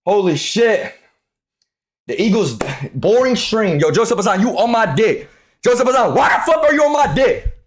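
Young male streamer, high-voiced, brash and profane, yells at chat constantly. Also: very animated, moderate pace. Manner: loud, profane, trash-talking, often shouting. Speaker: live streamer. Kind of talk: hyped live-stream chat with viewers.

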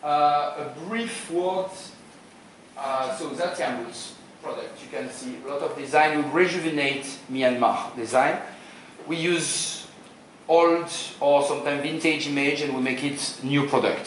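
A man's voice: mid-range voice, measured pace, far from the mic, slight background noise. French-accented man, very echoey hall. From France. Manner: informal, joking, quizzes the audience. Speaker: seminar speaker. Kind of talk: conference presentation. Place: hotel conference room. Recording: very echoey room, voice from afar.

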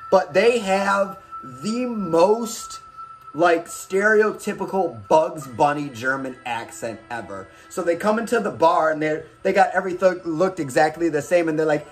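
A man's voice: fairly high pitch, measured pace, soft background music. A man hosting movie recommendations in a casual, profane, rambling comic rant, acting out scenes as he goes. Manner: rambling, swears a lot, acts out scenes.

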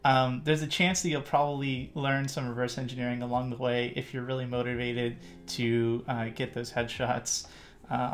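A man's voice: medium pitch, a little hiss or hum. A man with a Canadian accent hosting a casual panel discussion, joking and chuckling between his points. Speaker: host. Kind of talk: casual livestream panel chat.

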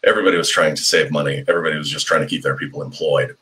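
A man's voice: extremely low pitch, steady tone, rapid-fire, sharp tone. A man in his forties answering fan questions on a live stream, rambling with many restarts and fillers. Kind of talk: live online Q&A. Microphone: computer mic on a live stream.

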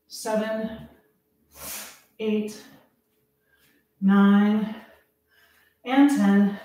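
A woman's voice: medium pitch, warm tone. A woman fitness instructor leading a live workout, counting reps aloud, out of breath and laughing at herself. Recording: echoey room, voice from a distance.

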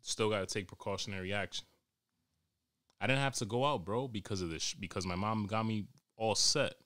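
Swearing New guy, deep dry voice. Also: fairly quick, dry recording. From New York. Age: 20s. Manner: crude, excitable, swears constantly. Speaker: podcast host. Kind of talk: profane comic monologue.

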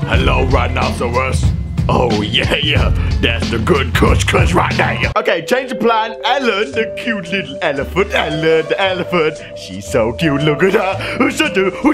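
A young man commentating his gameplay, excitable, often yelling, laughing and swearing. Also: high voice. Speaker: gaming commentator. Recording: game music behind the voice. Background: game music.

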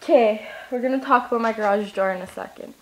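A young woman from Canada rambles cheerfully through a goofy home vlog, leaping from topic to topic. Her voice sits a little high, and a faint hiss runs under the handheld camera audio. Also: quick pace. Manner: random, goofy, jumps between topics. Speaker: vlogger. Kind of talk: casual vlog. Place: home, around the garage.

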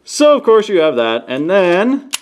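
A man casually reviewing toys on camera, playful, often breaking into goofy high-pitched exclamations. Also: wildly swooping pitch, measured pace, a little hiss or hum. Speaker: toy reviewer. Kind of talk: casual hands-on product review. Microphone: camera he sets up himself.

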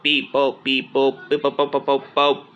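A man voicing a stiff, menacing robot copy of a wrestler that chants beeps in a monotone. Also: medium pitch, normal speed, clear, resonant tone, dull audio, pitched below the performer's own voice, natural voice. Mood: mechanical.

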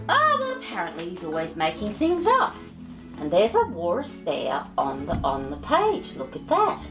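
A woman's voice: fairly low pitch, huge pitch swings, moderate pace, over music. A woman storyteller reading a picture book aloud, doting and chatty, fussing over her pet between pages. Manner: doting, sing-song and chatty.

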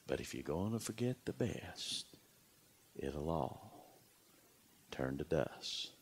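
A male pastor preaching a sermon with dramatic storytelling, repeating words for emphasis and dropping to a hushed whisper at key moments. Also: rumbling low, expressive, takes it slowly, slight background noise.

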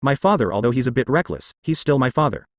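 A man voicing a calm, weary immortal man in a fantasy audiobook, speaking softly and earnestly. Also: medium pitch, quick pace, no echo, studio quality, lightly acted. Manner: soft and earnest.

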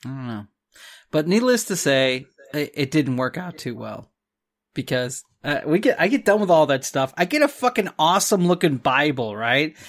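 A man's voice: a little high, big pitch swings, moderate pace, a bit bright. A man in his thirties telling a rambling story on a podcast, chuckling as he goes and acting out what people said. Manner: rambling, chuckling, acts out quotes. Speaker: podcast co-host. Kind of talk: casual storytelling chat.

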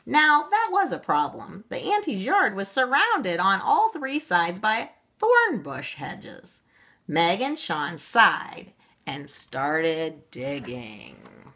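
A woman reading a children's storybook aloud in an expressive, gentle way. Her bright voice rises and falls a lot, and she takes her time over each line. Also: mid-range voice, slow pace.

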